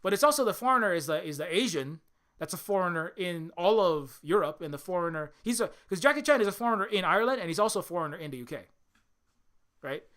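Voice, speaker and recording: A man's voice: high voice, expressive, fast, a bit bright. A man giving casual film commentary, rambling, with many restarts and fillers. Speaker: video commentator.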